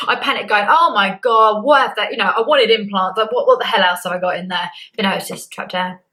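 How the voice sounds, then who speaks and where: A young woman talks straight to her viewers in a loose, candid chat. Her voice is bright and forward. She keeps it conversational and slips in lively acted-out quotes. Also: medium pitch, fairly quick, pauses often, rough recording. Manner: chatty and candid, acts out quotes. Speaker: beauty vlogger. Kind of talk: casual chat to camera.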